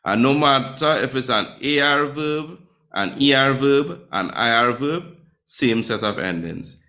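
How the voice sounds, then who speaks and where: A man's voice: medium pitch, expressive, a little slow, sharp tone. A man teaching Spanish grammar to a class, quizzing students and often checking in with "right?". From Trinidad and Tobago.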